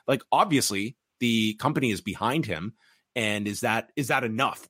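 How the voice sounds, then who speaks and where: A man co-hosting a wrestling review podcast, speaking in a measured way with frequent restarts and fillers. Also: mid-range voice, a bit bright, no echo, studio quality. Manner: measured, repeats words, many fillers. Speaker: podcast co-host. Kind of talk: casual wrestling review chat.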